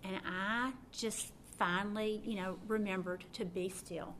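Middle-aged woman, earnest Bible teacher, mid-pitched voice, faint noise behind. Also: steady tone, a little slow, fairly bright tone. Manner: earnest, personal, prone to restarts.

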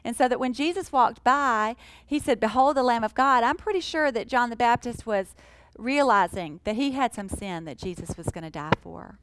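A woman teaching a sermon in an earnest, emphatic way, slowing down to stress key phrases. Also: on the high side, animated, fairly bright tone, dry recording, low-quality recording. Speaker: Bible teacher.

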